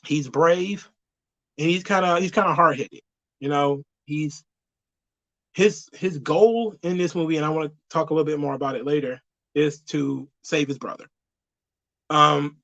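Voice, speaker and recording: A man's voice: a little high, bright, forceful tone, highs cut off. A man giving an opinionated, conversational movie review in a casual spoken style.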